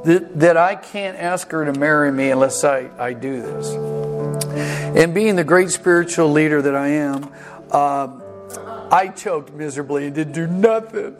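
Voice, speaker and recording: A male pastor preaching a sermon, telling a self-deprecating story with halting restarts and acted-out dialogue. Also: a little high, lively intonation, over music. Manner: halting restarts and repeated words.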